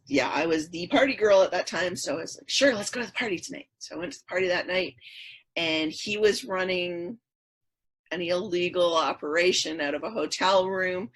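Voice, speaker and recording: A woman's voice: lowish voice, slightly rough. A middle-aged woman, a podcast guest, earnestly recounting her past in a repetitive storytelling rhythm. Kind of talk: personal story in interview.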